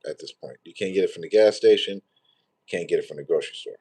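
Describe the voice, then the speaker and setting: A man's voice: low-pitched, fast, warm tone, slightly rough. A man, hosting a tarot livestream in rambling, profane, joking casual chat.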